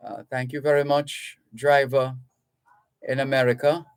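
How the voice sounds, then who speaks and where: A Jamaican man hosting a radio call-in show, reading out listener messages and explaining things in an unhurried way, with fillers and restarts. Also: mid-range voice, level tone, clean tone, no room sound, poor audio. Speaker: radio talk show host. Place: radio studio.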